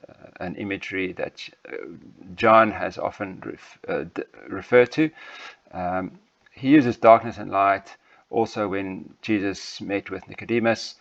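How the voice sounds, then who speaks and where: A lower-pitched man working through a Bible passage as a sermon, thinking aloud with frequent ums and false starts. The recording sounds dull and lo-fi. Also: measured pace, gravelly. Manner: hesitant, many ums and restarts. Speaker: preacher. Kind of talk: sermon text study with slides.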